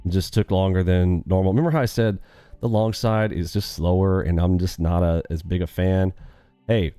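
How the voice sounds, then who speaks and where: Upbeat male trading streamer, low and smooth, keeps quizzing his chat. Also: fairly even intonation, normal speed, dark tone, dry recording, faint music behind. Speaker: day trading live streamer. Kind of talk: live trading stream commentary.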